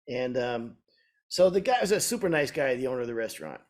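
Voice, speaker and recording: A man's voice: mid-range voice, sing-song, fairly quick, darkish tone. An older man co-hosting a podcast, telling a story in a chatty, hesitant way. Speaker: podcast co-host, flooring contractor. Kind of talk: casual storytelling.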